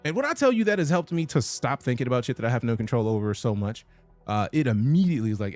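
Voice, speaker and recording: Male game streamer, casual and profane chat, lively animated pitch, faint music underneath. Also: rapid-fire. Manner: casual, profane, reads chat messages aloud.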